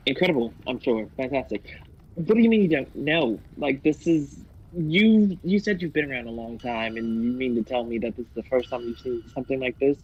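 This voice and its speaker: A man's voice: mid-range voice, breathy edge, dull audio. A man voicing a wary male adventurer who questions an elder in a mock-polite, skeptical way.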